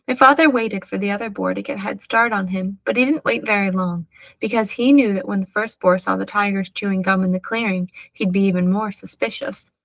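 Gravelly woman reading a children's story. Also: mid-range voice, fairly quick, no echo. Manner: clear, steady storytelling. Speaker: storybook reader. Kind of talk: read-aloud children's story narration.

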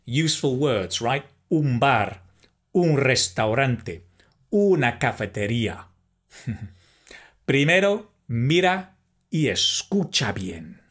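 A man with a slightly husky voice teaches a beginner lesson at an unhurried pace. His pitch rises and falls a lot as he models phrases and encourages listeners to repeat them. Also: sing-song, a bit bright. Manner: slow, careful, encouraging, pauses for repetition; switches between English and Spanish phrases. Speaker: Spanish teacher. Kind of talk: language lesson.

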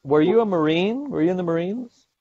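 Male host, playful and teasing, bright lively pitch, muffled lo-fi sound. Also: fairly quick, no echo. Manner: joking, teasing, laughs a lot. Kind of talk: casual interview banter.

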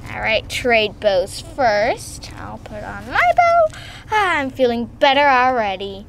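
A woman's voice: high-pitched, wildly swooping pitch, slow pace, a bit bright, a little hiss or hum. A woman playing with dolls and unboxing toys, giggly and gushing, switching between doll voices. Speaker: doll-play video host.

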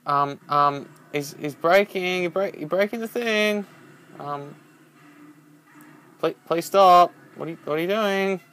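A young man giving rambling, excitable let's-play commentary as a gaming channel host, swearing when startled. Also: high-pitched, unhurried.

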